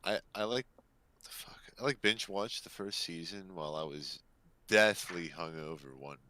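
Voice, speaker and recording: A man's voice: deep voice, moderate pace, pushed and bright, no room sound. A man chatting laid-back on a podcast over a laggy online call, trailing off into mutters. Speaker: podcast co-host. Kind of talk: casual chat. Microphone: online voice call, lagging.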